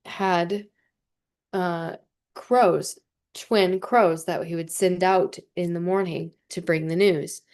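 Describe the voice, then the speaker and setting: A young adult woman talking gently and earnestly to camera about grief, with many fillers and restarts. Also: fairly low pitch, creaky. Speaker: vlogger. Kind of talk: heartfelt personal talk to camera.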